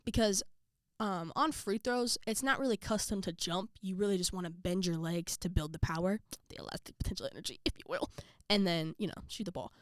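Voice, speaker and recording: A young woman vlogging, casually telling a story to her viewers and acting out quotes with jumps in pitch. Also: normal speed, no echo.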